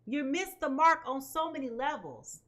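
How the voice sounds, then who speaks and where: A woman's voice: high-pitched, lively intonation, moderate pace, a bit bright. A woman reading tarot for her viewers in an emphatic way, often checking in with "okay?". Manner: emphatic, keeps asking "okay?". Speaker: tarot reader.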